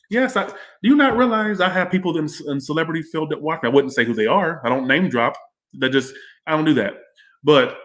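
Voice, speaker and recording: A man's voice: a little high, fairly bright tone, a little hiss or hum. A man hosting a casual livestream tarot reading. He rambles and swears freely as he chats with viewers. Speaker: tarot reader and livestream host. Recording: echoey room.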